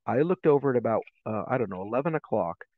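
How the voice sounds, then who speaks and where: A middle-aged man joins a podcast interview as a guest educator, telling stories with animated energy and slipping into the voices of people in them. His sound comes through a narrow, phone-like remote line, dry and close with no room around it. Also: mid-range voice, fast, no echo.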